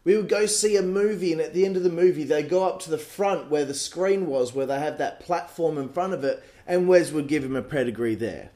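A man in his late twenties with an Australian accent, telling crude, animated stories on a podcast and swearing freely. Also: fairly high pitch, brisk, few pauses. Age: late 20s. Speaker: podcast host. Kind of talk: casual storytelling monologue.

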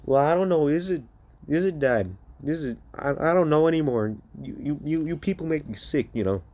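A man's voice: a little high, expressive, moderate pace, a little mellow, voice pushed up, close to an everyday voice. A man voicing a bitter, sarcastic teenage boy who mocks his father. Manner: sneering, sarcastic.

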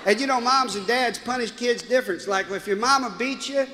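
A man doing live stand-up comedy, animated and bursting into shouts, on a 1980s live album with audience laughter. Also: extremely high pitch, a little fast, in a large hall, a little hiss or hum. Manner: animated, breaks into shouting and character voices. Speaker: Christian comedian.

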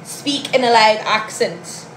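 A woman's voice: a little high, animated, slow, fairly bright tone. A young Irish woman with a Louth accent chats casually with her viewers, reading their comments and giving blunt opinions, often laughing. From Ireland, County Louth. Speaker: streamer chatting with viewers. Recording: roomy echo with faint background hum.

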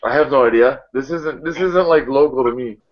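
A man's voice: mid-range voice, fairly quick. A man hosting a live video hangout, laughing hard and swearing freely. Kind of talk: casual chat. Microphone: video call. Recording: slightly dull video call audio.

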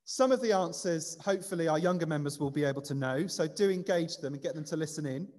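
A man's voice: fairly high pitch, fast, a little mellow. A man leading a light-hearted quiz in a church service, chatty and self-deprecating. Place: church building. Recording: long reverb of a church hall.

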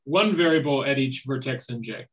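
A man delivers an academic lecture, working through his points aloud with frequent pauses and restarts. His voice sits at a middling pitch for a man. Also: animated, fairly bright tone, poor audio. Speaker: seminar speaker.

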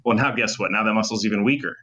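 A man's voice: on the low side, sharp tone, slightly rough, lo-fi sound. A man, a sports medicine doctor as podcast guest, explaining injury and muscle function in detail with clinical terms. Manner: fast, technical, lecturing with clinical terms. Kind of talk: podcast interview, explaining in depth.

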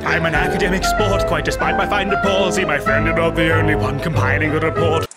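A man singing as a suave, pompous demon posing as a gentleman, in a British accent with crisp, theatrical diction, over loud backing music. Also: on the high side, fairly even intonation, fairly quick, close to an everyday voice. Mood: boastful.

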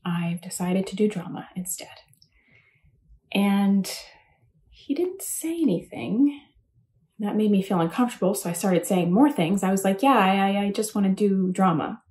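A woman speaks in a mellow, unforced voice. She tells her story in a loose, self-deprecating way, full of ums and asides. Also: medium pitch, fairly even intonation, moderate pace. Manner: rambling, self-deprecating, chatty with many fillers. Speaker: commencement speaker. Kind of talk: casual speech. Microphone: home recording for a virtual address.

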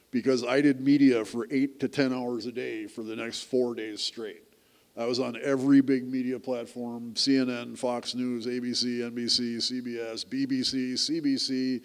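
A man's voice: mid-range voice, a little mellow. Candid middle-aged man telling his story. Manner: candid, self-deprecating, restarts often. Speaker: speaker at a community event. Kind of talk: personal storytelling to a live audience. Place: theater stage.

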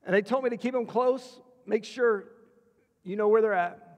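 A middle-aged man giving an emotional sermon testimony as a school chapel speaker, his voice falling to a hush at the hardest parts. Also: high voice, moderate pace. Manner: emotional storytelling, dropping to a hushed voice. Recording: long hall reverb.

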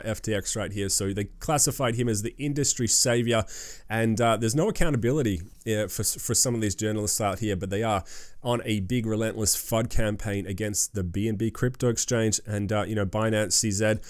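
A man's voice: mid-range voice, no echo, studio quality. Emphatic man hosting crypto news. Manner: emphatic, hype-driven, lots of fillers and "guys". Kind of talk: fast-paced crypto news commentary.

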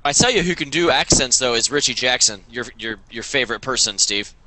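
A man's voice: medium pitch, expressive, fairly quick, bright, forceful tone, soft background music, rough recording. A man hosting a casual skateboarding podcast over a video call, rambling and talking over the others. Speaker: podcast host.

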